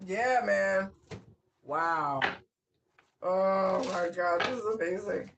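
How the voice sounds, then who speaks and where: A tarot reader talking casually to viewers, excitable and laughing often, stretching out exclamations. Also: medium pitch, slow, vocal fry, heavy background noise.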